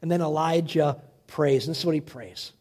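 A man preaching, dramatically retelling a Bible story, swinging from loud to hushed. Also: fairly high pitch, normal speed. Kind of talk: animated Bible storytelling sermon.

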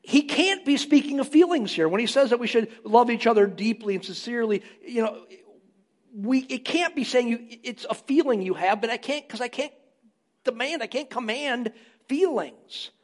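A man's voice: very high voice, animated, moderate pace. A man, a pastor, preaching a sermon with emphatic rises in volume on key phrases. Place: church.

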